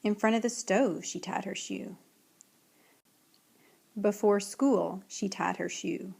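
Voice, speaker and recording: A woman teacher giving a recorded writing lesson, reading example sentences slowly and clearly. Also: mid-range voice, a little mellow.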